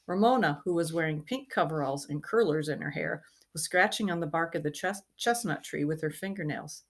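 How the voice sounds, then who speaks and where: A woman reading a children's chapter book aloud, with a gentle manner and lively character voices. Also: low voice, a little fast. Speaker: reader. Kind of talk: storybook read-aloud.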